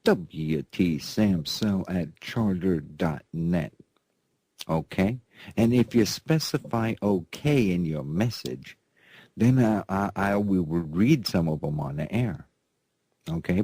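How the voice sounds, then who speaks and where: A man's voice: low voice, very animated, measured pace, mellow, breathy edge, no room sound. A man hosting a talk radio news show, folksy and sarcastic, with constant "right? okay?" asides.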